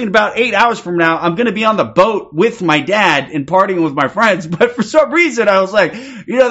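A man's voice: high voice, fairly bright tone. A man livestreaming, telling a rambling story to his chat, swearing a lot and laughing often. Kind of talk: casual storytelling to a live chat. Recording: dull lo-fi stream audio with faint crowd.

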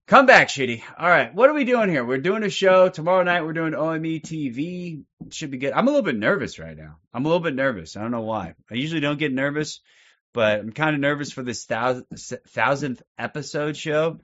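Man, livestream host, rambling and cursing, bright edgy voice, slightly muffled lo-fi sound. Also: on the high side, expressive, a little fast. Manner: rambling, profane, many fillers. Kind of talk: casual livestream monologue. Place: sitting on a couch at home.

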